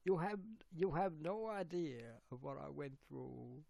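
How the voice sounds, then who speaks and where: A slow-talking Australian man hosting a casual livestream from home. He rambles and giggles between thoughts, and his voice sits a bit high. The sound is dry and close, with no room echo. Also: animated, gravelly. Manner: giggly, rambling, bursts into loud put-on voices. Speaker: livestream host.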